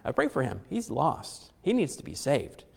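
A man's voice: mid-range voice, huge pitch swings, moderate pace, creaky, husky, big-room sound. A man preaching a conversational sermon, repeating phrases for emphasis and chuckling now and then.

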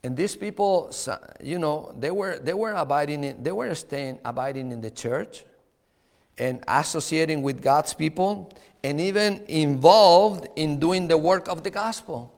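A man preaching a sermon, slow and emphatic, repeating key words and chuckling now and then. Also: on the high side, creaky, darkish tone, in a large hall.

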